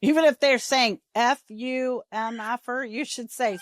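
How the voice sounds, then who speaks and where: A woman hosting a podcast in casual interview chat, talking in a chatty, animated way and acting out the voices she quotes. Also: on the high side, unhurried, no room sound, studio quality. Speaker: podcast host.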